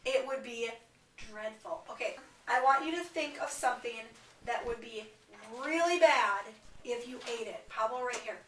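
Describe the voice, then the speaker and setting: A kindergarten teacher reads aloud in a classroom lesson, her slightly raised, a bit bright voice slow, clear and coaxing for small children. A distant camera mic catches her, so the sound rings roomily around the bare classroom over a faint hiss.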